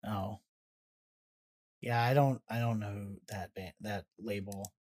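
A man co-hosting a podcast, chatting casually as he reacts to songs, alternating between excitable swearing and hesitant trailing off. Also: on the low side, slow. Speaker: podcast co-host. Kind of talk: casual music-reaction chat. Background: faint music playing.

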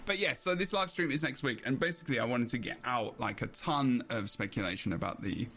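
A man's voice: mid-range voice, fairly quick, fairly bright tone, faint music behind. A man hosting a casual podcast chat, rambling, correcting himself and laughing often. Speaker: podcast host.

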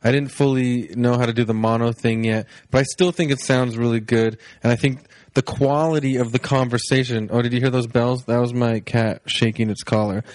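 A man hosting a casual podcast, his voice sleepy and unhurried as he wanders between thoughts with plenty of ums. He sits at a middling pitch and is recorded dry and close, with no room echo. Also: fairly even intonation, a little mellow. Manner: sleepy-sounding, laid-back, rambling with fillers. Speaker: podcast host. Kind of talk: casual rambling podcast intro. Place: home, on his couch.

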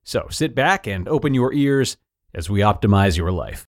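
A man hosting a podcast, reading an article aloud in an earnest, measured way. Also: on the low side, sing-song. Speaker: podcast host and narrator.

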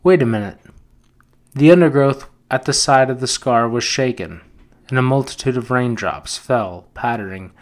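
A man reading a novel aloud for a book club podcast, steady and measured. His voice sits at a middle pitch for a man. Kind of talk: audiobook narration.

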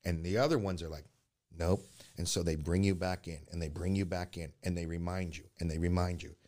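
A man with a deep, low-pitched voice shares his own life story as a guest in a conversation. He is candid and earnest, often stopping and restarting his sentences. He drops to a soft voice through the hardest parts. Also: steady tone, quick pace. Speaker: podcast guest.

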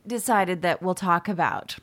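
A woman's voice: fairly low pitch, measured pace. A woman co-hosting a podcast from home, chatting casually, playful and self-mocking, laughing often. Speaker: podcast co-host. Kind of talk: casual chat. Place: home, by the deck doors.

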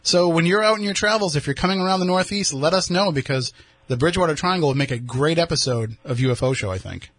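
A man hosting a podcast and asking questions in a relaxed, casual way, with frequent fillers. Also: on the high side, fast talker, no echo. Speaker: podcast host.

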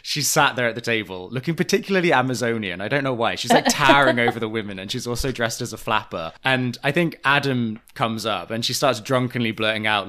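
A man co-hosting a podcast, telling scenes back with amusement in casual chat. He laughs as he goes and keeps an ordinary middle pitch. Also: fairly quick, bright, forceful tone. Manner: storytelling, amused, recounting scenes. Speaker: podcast co-host.

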